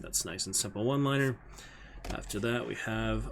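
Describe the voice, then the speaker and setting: A fairly low-pitched man talks fast over a slight hiss or hum. He's a streamer and community theater actor casually learning his stage lines on stream, thinking aloud and running the script over and over.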